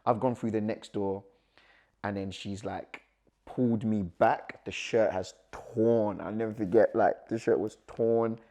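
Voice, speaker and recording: Young man, lowish voice, guest recounting his story with lively, acted-out dialogue. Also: a little slow. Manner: animated, acts out quoted dialogue, nervous laughs. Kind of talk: personal storytelling.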